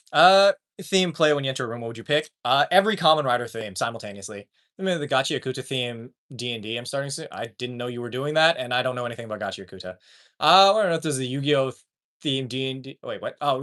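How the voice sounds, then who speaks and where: A man's voice: medium pitch, a bit bright. A man streaming live, reading chat and ranting with heavy swearing. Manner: profane, ranting, reads chat aloud.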